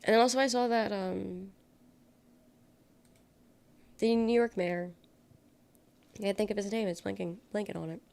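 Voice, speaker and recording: Reading messages from her chat aloud, this young adult livestreamer reacts bluntly and swears without restraint in a casual stream. She has a steady, mid-range voice that's gravelly and slightly mellow, moving at normal speed with frequent pauses.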